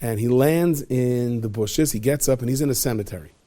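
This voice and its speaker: Lively storytelling rabbi, a man. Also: mid-range voice, fairly quick. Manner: lively, conversational, acts out every character. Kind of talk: animated storytelling to students.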